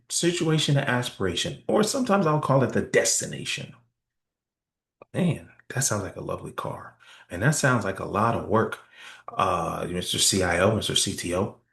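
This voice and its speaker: A man with a fairly low voice teaches sales technique in an echoey room. He talks with energy, acting out short exchanges with customers and often checking in with "right?" between points. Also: creaky. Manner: energetic, role-plays customer dialogue with frequent "right?" check-ins. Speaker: sales trainer. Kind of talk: sales training talk.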